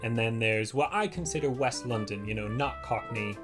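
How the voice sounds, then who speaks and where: A Californian man with a General American accent, an actor and voiceover artist talking in a lively, casual way, full of "you know" fillers. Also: medium pitch, normal speed, music in the background. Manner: animated, chatty, many "you know" fillers. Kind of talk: casual podcast chat.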